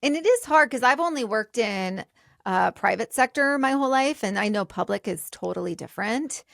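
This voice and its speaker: Podcast lady, chatty, laughs easy, bit of vocal fry, dry mic. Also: fairly high pitch, animated, normal speed, a bit bright, dry recording. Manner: chatty, reactive, laughs easily. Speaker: podcast co-host. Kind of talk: casual podcast talk.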